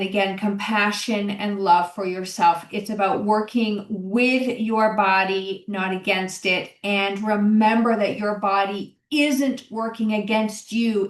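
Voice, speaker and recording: A middle-aged woman hosting a solo podcast, talking in an encouraging, conversational way and often repeating her key phrases. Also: medium pitch. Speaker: podcast host, health coach. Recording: roomy, distant mic.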